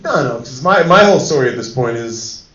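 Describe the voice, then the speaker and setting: A man's voice: medium pitch, expressive, brisk, a little hiss or hum. A drunk man boasting crudely, on stage at a live comedy podcast in a cinema. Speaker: podcast co-host. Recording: echoey hall, dull sound, loud crowd.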